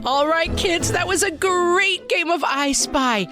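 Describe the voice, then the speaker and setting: A woman's voice: very high-pitched, slow pace, over music, voice pushed up. A woman playing a relentlessly upbeat camp-counselor mom in a comedy sketch. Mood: chipper. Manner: bright, sing-song, drawn out.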